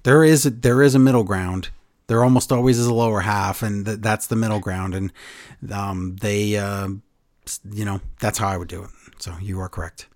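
A man co-hosting a casual podcast, retelling events with animated storytelling. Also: lowish voice, moderate pace, no room sound, studio quality. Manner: animated storyteller, acts out quotes. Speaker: podcast co-host recapping wrestling. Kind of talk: casual chat.

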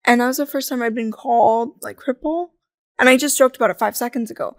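Candid, jokey young woman, higher voice. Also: quick pace, dry recording, studio quality. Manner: candid, jokey, animated storytelling. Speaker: podcast guest. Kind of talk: casual interview chat.

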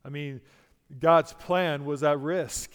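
A man's voice: on the high side, steady tone, slow pace, clean tone, big-room sound. A man preaching a sermon to a congregation, emphatic and full of rhetorical questions. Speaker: pastor.

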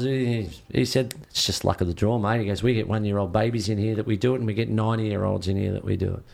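A man's voice: on the low side, quick pace, vocal fry, few pauses. A man in an interview, casually telling a story and acting out what others said to him. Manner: lively, acts out what others said. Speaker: interview guest.

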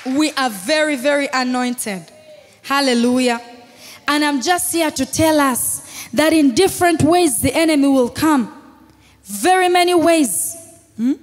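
High-voiced woman preaching, shouting in a reverberant hall. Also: unhurried. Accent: Ugandan English. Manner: preaching with call-and-response and shouted declarations. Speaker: pastor. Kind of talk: sermon. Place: church hall. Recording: long reverb in a large hall with music.

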